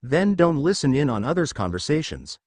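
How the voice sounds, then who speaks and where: A man's voice: on the high side, very animated, normal speed, a little mellow, no echo, studio quality. A man voicing a tense young woman army commander who barks orders and snaps back with retorts.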